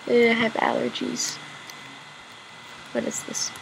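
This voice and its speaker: A young woman gamer mutters and jokes to herself in casual, rambling let's-play commentary. Her voice is a little high and steady, her pace slow, with long pauses. It's a home recording where the background noise comes through clearly.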